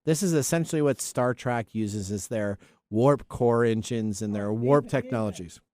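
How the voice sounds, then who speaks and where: A man's voice: mid-range voice, normal speed, a little mellow, no room sound, studio quality. A man hosting a tech podcast in casual chat, rambling and often stumbling over names. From US Pacific Northwest. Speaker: podcast host.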